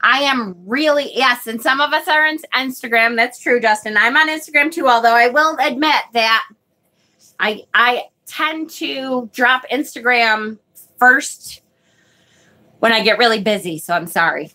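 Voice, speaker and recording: This tarot livestream host has a voice on the high side, unhurried, bright and forceful. She chats casually and reads viewer comments, scattered and often sidetracked, swearing offhandedly when something annoys her.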